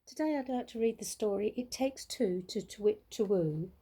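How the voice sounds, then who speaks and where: Her mid-range voice is husky as this teacher shares a picture book with children, reading at an unhurried pace with plenty of storytelling expression.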